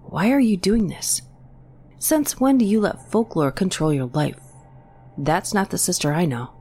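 A woman voicing an angry, hurt young man who argues with his sister, talking slowly and tensely. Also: fairly low pitch, lively intonation, darkish tone, slightly rough, faint music behind, voice pushed up.

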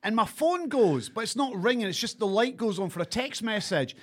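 High lively Scottish man chatting. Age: middle-aged. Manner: chatty, quick to laugh, sweary. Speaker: co-host. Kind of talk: casual chat.

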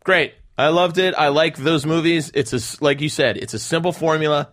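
A man co-hosting a podcast in easygoing casual chat, quick to laugh along. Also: fairly high pitch, a bit bright. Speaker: podcast co-host.

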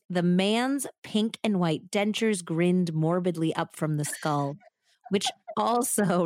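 A woman's voice: on the low side, dry recording, clean studio sound. Woman narrating true crime with drama. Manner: dramatic storytelling, playful banter. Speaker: podcast co-host and storyteller.

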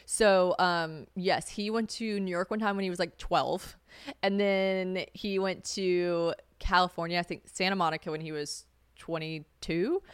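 This is a young woman from South Carolina chatting alone on her podcast, gossipy and full of attitude, laughing and cursing as she goes. Her voice sits slightly low and comes through smooth and clean. The recording is dry and close, with no room sound. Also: no room sound. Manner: chatty, sassy, swears freely, laughs often. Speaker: podcast host. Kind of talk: casual solo chat.

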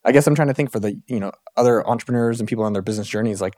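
Fast-talking male podcast host. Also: fairly low pitch, dark tone, no echo, clean studio sound. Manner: halting, searching for words. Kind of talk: interview questions.

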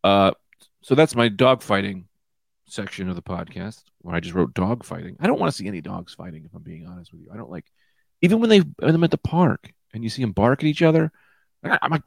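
A man in his thirties hosting his own comedy podcast, high and rambling loosely from one tangent to the next. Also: animated, a little fast, vocal fry, dry recording, studio quality. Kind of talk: casual comedic monologue. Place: small room with lights out.

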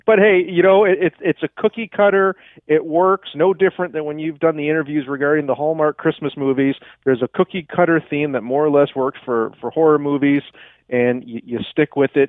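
A man with a frog in his throat, a guest co-host in casual radio chat, talking through a headset, halting and repeating words. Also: fairly high pitch, fairly even intonation, no room sound. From Canada. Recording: tinny phone-line sound.

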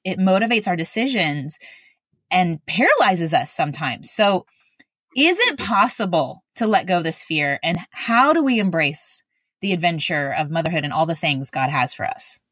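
A woman's voice: fairly low pitch, a bit bright, no echo, clean studio sound. A woman hosting a faith-based parenting podcast, talking in an earnest, chatty way and laughing easily. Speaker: podcast host. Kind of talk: casual podcast chat and ad read.

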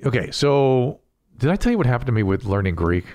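A man's voice: mid-range voice, very animated, brisk, a little mellow, no room sound. A man hosting a casual podcast chat as a physician, explaining things in a lecturing way. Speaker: host and physician.

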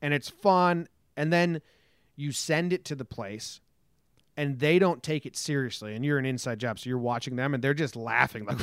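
A man's voice: mid-range voice, normal speed, smooth, no echo, clean studio sound. A man co-hosting a podcast, chatting casually and telling stories with lots of energy, swearing and acting out quotes. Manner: animated storytelling, swears, acts out quotes. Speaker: podcast co-host. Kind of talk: casual comedic chat.

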